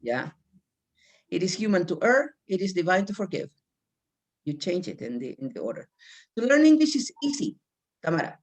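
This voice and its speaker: Lively-voiced woman teaching English grammar. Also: lowish voice, brisk, pauses often. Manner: reads example sentences aloud and calls on students by name. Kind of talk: online English grammar class.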